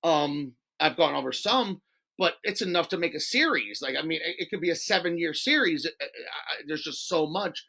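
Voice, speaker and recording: A man guesting on a talk show, telling stories in a casual, animated way, swearing, laughing and acting out quotes. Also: a little high, moderate pace, creaky. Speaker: podcast guest. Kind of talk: casual storytelling interview.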